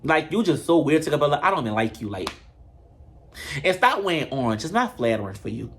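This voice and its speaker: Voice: mid-range voice, big pitch swings, fairly quick, fairly bright tone, slight background noise. Brash, profane reality-TV recapper. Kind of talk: casual comedic recap.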